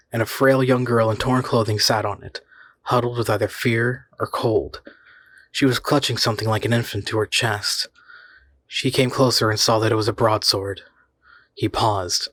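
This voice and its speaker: A man reading a horror story aloud in a measured, suspenseful way. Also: lowish voice, fairly bright tone. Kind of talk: scripted horror story narration.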